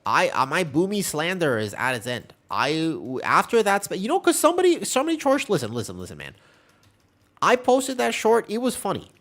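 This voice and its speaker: Male game streamer, lively pitch, rambling chatty callouts while tanking. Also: a little fast. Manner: animated, rambling, mixes callouts with banter. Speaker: game streamer and tank player. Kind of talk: live gameplay commentary and chat with viewers.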